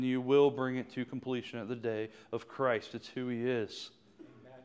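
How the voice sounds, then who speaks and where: Impassioned preacher man, smooth voice. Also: mid-range voice, fairly even intonation, moderate pace. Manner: impassioned, rising to fervent prayer. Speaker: pastor. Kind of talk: sermon closing and prayer.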